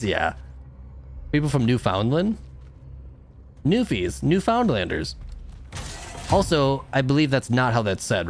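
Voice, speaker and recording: A man's voice: medium pitch, slight background noise. A young man doing live game commentary as a streamer, chatting with viewers and breaking into frustrated outbursts. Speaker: gaming streamer.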